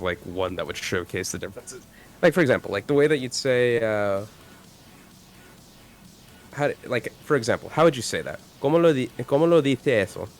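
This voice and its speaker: A low-voiced man with a gravelly, creaky edge, ranting on a live stream with heavy swearing and constant restarts. Faint music plays quietly under his voice. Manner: profane, animated ranting with many restarts. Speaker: streamer co-host. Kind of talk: casual live-stream chat.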